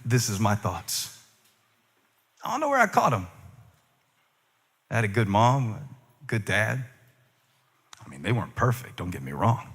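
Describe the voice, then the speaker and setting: A man preaching a conversational sermon as a pastor, chatty and self-deprecating, building to shouted emphasis. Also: mid-range voice, breathy edge.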